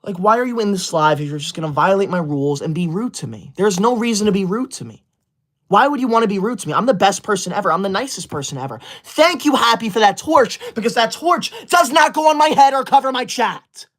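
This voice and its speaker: A man's voice: high-pitched, lively intonation, fast, a bit bright. A man in his twenties playing a pompous, bossy young male livestreamer who scolds his chat while reading super chats, as a comedy character. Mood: indignant. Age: 20s.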